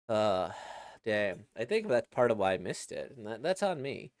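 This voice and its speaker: A man's voice: fairly low pitch, sing-song, a little slow, dry recording, clean studio sound. A man casually reacting to a webcomic he reads, rambling and reflective, with many fillers and restarts.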